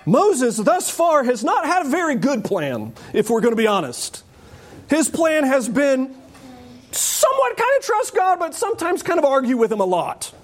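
A man preaching to his congregation with a high voice. He talks in an animated, joking way and slips into quoted voices as he explains the text. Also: moderate pace. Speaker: pastor. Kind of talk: sermon.

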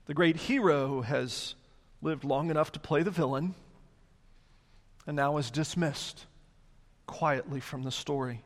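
A man preaching a sermon, animated, now and then putting on mocking voices for complainers. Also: mid-range voice, a little slow, pauses often. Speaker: pastor. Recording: long hall reverb.

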